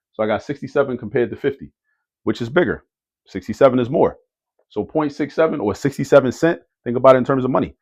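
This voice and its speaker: A man's voice: medium pitch, darkish tone. A man giving a casual math lesson who repeats key words for emphasis and keeps checking in with "right?". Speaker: math teacher. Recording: dull lo-fi audio.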